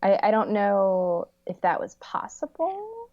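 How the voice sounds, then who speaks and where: A woman's voice: medium pitch, slow, no echo. Chatty female podcast guest, lo-fi sound. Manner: chatty and animated, laughs often, hedging fillers. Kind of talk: casual chat. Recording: slightly dull lo-fi audio.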